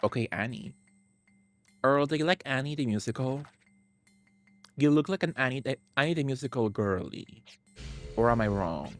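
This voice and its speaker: A man chats casually while playing a game on stream. He jokes and teases in a mid-range voice. Game music plays quietly underneath. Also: mid-range voice, animated, normal speed, pauses often. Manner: playful, joking, sarcastic asides. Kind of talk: casual gameplay commentary.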